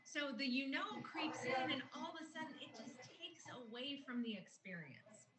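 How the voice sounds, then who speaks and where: A woman's voice: sits high, animated, normal speed. A woman giving a conversational training lesson on communication, explaining examples to learners. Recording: roomy with noticeable background noise.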